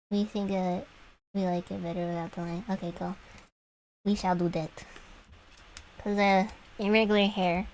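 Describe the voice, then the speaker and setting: A woman's voice: mid-range voice, a little mellow, a little hiss or hum, low-quality recording. A young woman streamer chatting casually with viewers while she draws, rambling and laughing often. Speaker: vtuber streamer.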